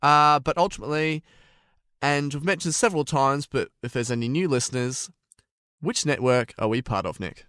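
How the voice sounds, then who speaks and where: Man, podcast co-host, smooth voice, dry close sound, relaxed and chatty. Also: medium pitch, moderate pace, no echo. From Australia. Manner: relaxed, with many fillers and restarts. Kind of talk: casual podcast chat.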